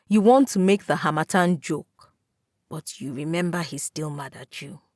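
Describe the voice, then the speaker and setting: A woman narrating a story in the second person, measured and calm. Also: on the low side, no echo, clean studio sound.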